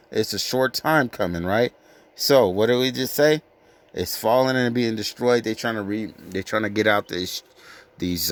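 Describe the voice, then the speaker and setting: A man giving an informal sermon, reading scripture slowly and with weight, then breaking into blunt, profane street talk. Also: medium pitch, a bit bright. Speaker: scripture teacher.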